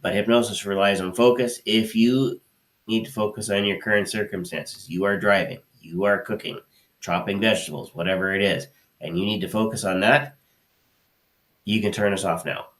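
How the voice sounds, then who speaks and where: A man hosting a live podcast over a video call, relaxed, with many fillers as he announces the next segment. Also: on the low side, normal speed. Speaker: podcast host.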